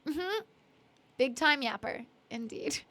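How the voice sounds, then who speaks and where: A woman's voice: sits high, lively intonation, slow, bright, forceful tone. A young woman from Canada chatting casually with viewers on her live stream, giggly and apologetic with lots of fillers. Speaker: streamer and singer-songwriter.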